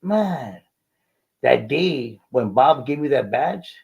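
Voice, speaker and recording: Older man, gravelly voice, earnest testimony. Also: medium pitch, animated, slow pace, darkish tone, poor audio. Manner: earnest storytelling, acts out dialogue. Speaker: guest. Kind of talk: testimony in an interview.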